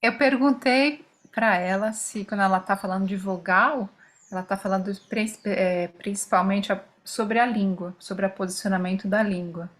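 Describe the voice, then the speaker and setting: A woman's voice: mid-range voice, fairly even intonation, brisk. A woman student asking a hesitant question in a singing class, then restating it. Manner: hesitant, with many fillers.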